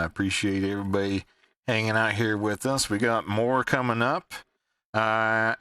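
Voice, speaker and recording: Brief: male stream host, bright lowish voice, dry close sound, laughs a lot, loose and teasing. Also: smooth, dry recording. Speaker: livestream host. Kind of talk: casual chat.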